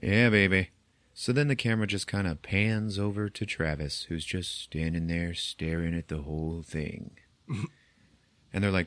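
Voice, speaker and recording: A man's voice: low voice, normal speed, fairly bright tone, no echo. A man hosting a podcast, casually retelling a movie's plot, acting out the characters' lines and laughing often. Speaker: podcast host. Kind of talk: casual film recap.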